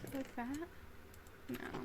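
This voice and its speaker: A woman's voice: a little slow, noisy background. A young woman streamer chatting casually and rambling with fillers while she plays a game. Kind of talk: casual chat while gaming.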